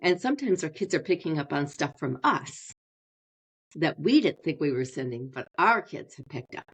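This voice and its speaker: Lower-voiced woman therapist explaining patiently. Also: sing-song, slightly rough. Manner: slows down deliberately, demonstrates tone changes. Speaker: marriage and family therapist guest. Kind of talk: explanatory interview talk.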